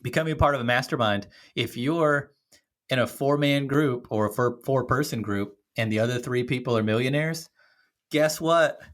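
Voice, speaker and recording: A man's voice: medium pitch, moderate pace, a bit bright. A man co-hosting a podcast in casual chat, upbeat and easygoing. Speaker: podcast co-host.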